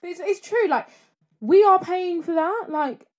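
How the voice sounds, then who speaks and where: A woman's voice: very high voice, measured pace. A young woman, co-hosting a podcast in casual chat, enthusiastic and slangy. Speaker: podcast co-host.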